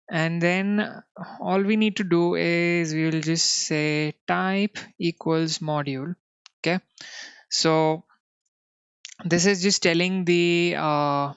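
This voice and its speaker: A man with an Indian English accent leads a live coding class in an unhurried, smooth voice, peppering his talk with "you know" and checking whether viewers can follow. The sound is dry and close, on a dull, lo-fi stream. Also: fairly high pitch, a bit bright, no room sound. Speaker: coding instructor.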